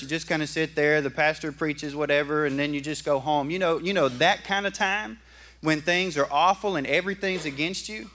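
A man preaching a sermon in a folksy, animated way and asking the congregation questions. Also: a little high. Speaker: pastor. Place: church.

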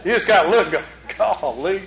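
A man preaching a sermon as a pastor, swinging from loud urgent peaks to hushed low passages. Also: moderate pace, roomy sound, low-quality recording.

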